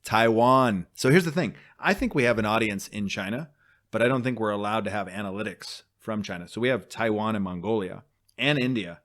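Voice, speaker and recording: A man's voice: fairly low pitch, brisk, a bit bright. A man co-hosting a casual podcast, playful and jokey, laughing often as he talks. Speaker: podcast co-host. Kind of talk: casual chat.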